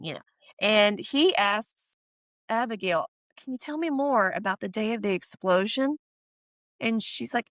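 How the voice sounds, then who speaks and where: A woman's voice: mid-range voice, normal speed, a bit bright, dry recording. A woman co-hosting a podcast, recapping a TV show in casual chat, laughing often and acting out characters' lines. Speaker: podcast co-host.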